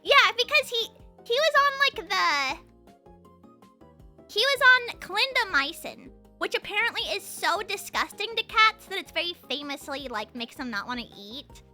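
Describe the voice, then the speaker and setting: A young woman chats away on a livestream, her voice high and very bright, leaping up and down in pitch. She rambles freely, full of "like" and stumbling restarts, over faint music in the background. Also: very animated, moderate pace. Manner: rambling, frequent fillers and repeated restarts. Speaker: streamer. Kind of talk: casual livestream chat.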